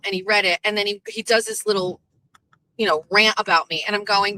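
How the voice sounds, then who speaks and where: A woman host chatting casually while driving, telling a story in a punchy, profane, animated way. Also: medium pitch, brisk, low-quality recording. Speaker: vlogger and show host. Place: in a car. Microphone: phone in a dashboard holder.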